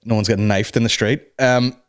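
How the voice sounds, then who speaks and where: A man hosting a comedy podcast, rambling loosely from one tangent to the next. His speech is crude and full of swearing. He talks at an ordinary mid pitch in a casual, off-the-cuff way. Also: expressive, moderate pace, gravelly.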